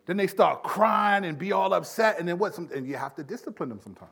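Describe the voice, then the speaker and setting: A middle-aged male pastor preaching a sermon, animated, acting out everyday dialogue as he teaches. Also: sits high, fast talker, creaky, few pauses, husky.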